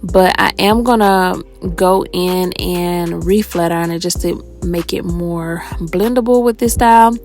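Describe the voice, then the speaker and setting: Gravelly-voiced chatty woman vlogger. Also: on the low side, measured pace, hardly any pauses, a little mellow, soft background music. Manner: chatty, addresses viewers as y'all. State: out of breath and tired. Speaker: hair tutorial vlogger. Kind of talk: casual tutorial voice-over.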